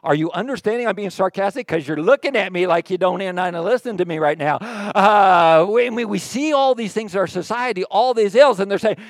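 A man preaching a sermon in a church, animated and jokey, swinging from quiet asides to loud emphatic reading. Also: high-pitched, fairly quick, few pauses, no room sound. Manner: jokey, sarcastic asides to the congregation. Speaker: pastor.

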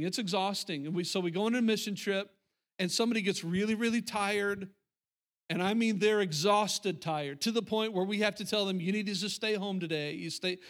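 A middle-aged pastor whose voice sits high and fairly bright gives a sermon to his congregation in the church sanctuary, keeping it conversational and driving points home through repetition.

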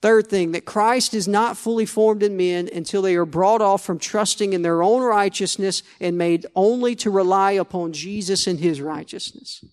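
A man's voice: high-pitched, normal speed, hardly any pauses, clean tone. A male pastor preaching a sermon, conversational, restarting phrases and asking the congregation "Amen?".

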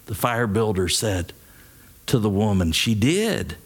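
Slow, dramatic male preacher. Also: fairly low pitch, big pitch swings, slightly rough. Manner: slow, dramatic, acts out quoted voices. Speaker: pastor. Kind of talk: sermon with dramatic story reading.

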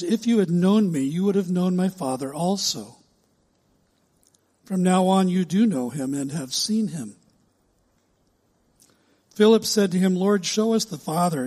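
A pastor preaching a sermon, measured and emphatic, stretching key words slowly for the congregation. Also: male voice, sits high, darkish tone, big-room sound.

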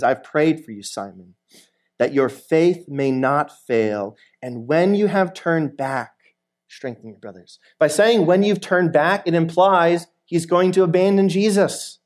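A man's voice: a little high, a little mellow. A man, a guest preacher, giving a sermon in a conversational way, reading a scripture passage and retelling its scenes as he takes on the voices of the people in them. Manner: conversational, asks the listeners questions.

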